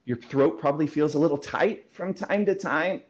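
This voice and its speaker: A man speaking as a voice coach in a casual interview, explaining lively and demonstrating sounds as he goes. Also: a little high, normal speed, dull audio. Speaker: voice coach and guest.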